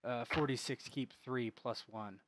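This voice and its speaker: A man's voice: mid-range voice, steady tone, measured pace, noisy background. A man narrating as game master of an online tabletop game, talking with many fillers and restarts.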